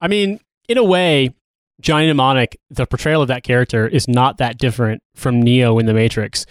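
A man's voice: mid-range voice, moderate pace, smooth, no room sound, clean studio sound. A man co-hosting a podcast in casual film-review chat. He is blunt and swears freely. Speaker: podcast co-host.

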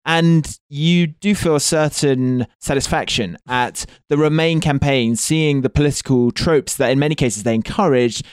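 A man joins a podcast as a guest, a magazine editor. He speaks in a measured, dryly ironic way, with a smooth, resonant voice. The sound is dry and close. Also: a little high, no echo. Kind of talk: casual podcast discussion.

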